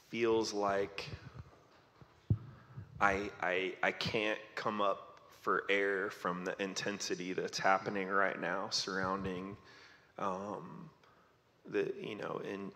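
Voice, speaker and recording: A man speaking in a halting, earnest way, reflecting in conversation on a stage. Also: low-pitched, little pitch movement, sharp tone. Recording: long reverb of a large hall.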